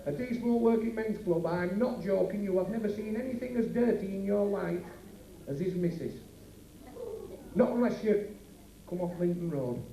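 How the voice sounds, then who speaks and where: A man's voice: high-pitched, moderate pace, dark tone, a little hiss or hum. A man with a Yorkshire accent doing a bawdy stand-up routine at a working men's club, bantering brashly with the crowd. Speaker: club comedian. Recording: echoey club from far off, faint ambience, 1980s.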